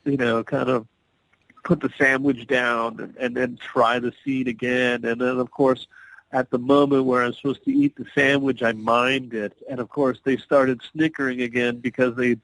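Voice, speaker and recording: A man who is an actor guest on a podcast, telling stories in a relaxed, casual way and often laughing. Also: medium pitch, normal speed, no room sound, poor audio. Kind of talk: casual interview storytelling.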